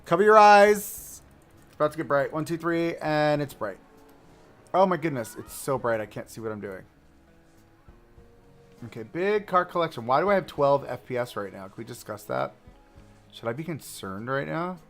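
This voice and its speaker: Chatty man streaming a building game, faint music. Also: mid-range voice. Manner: chatty, thinks aloud, quick swings between excitement and mutters. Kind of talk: casual live-stream commentary while building.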